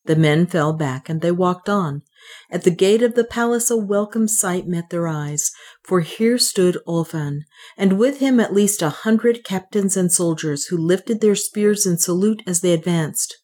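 A woman narrating a classic adventure novel in a measured, clear reading. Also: fairly low pitch, a little mellow. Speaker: audiobook narrator. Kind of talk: audiobook narration.

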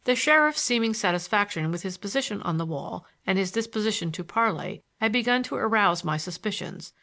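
A woman narrates an audiobook in a calm, measured voice at a middle pitch. She reads the storytelling passages evenly. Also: creaky. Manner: even, measured reading.

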